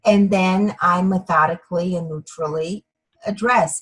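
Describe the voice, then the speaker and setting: A woman student sharing in a class discussion, speaking in a measured, methodical way. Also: mid-range voice, husky, low-quality recording.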